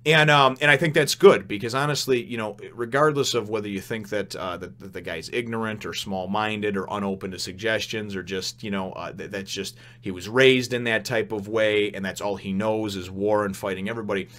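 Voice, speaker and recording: A man's voice: on the low side, steady tone, fairly quick, few pauses, sharp tone. A man giving a casual review of a manga chapter, rambling and candid, with frequent restarts.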